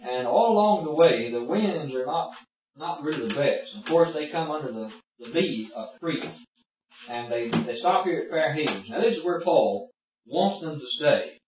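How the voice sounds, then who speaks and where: A man's voice: a little high, expressive, normal speed, background noise. A man leads a Bible class in a folksy, explanatory way, stopping to ask his students questions. He sounds far from the microphone, and the room is very echoey. The recording is muffled. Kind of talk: informal Bible study lesson.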